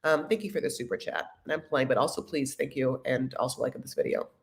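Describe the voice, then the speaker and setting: A woman's voice: rumbling low, animated, brisk. A woman hosting a live chat recap of a reality show, sassy and chatty, calling her viewers honey. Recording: echoey room.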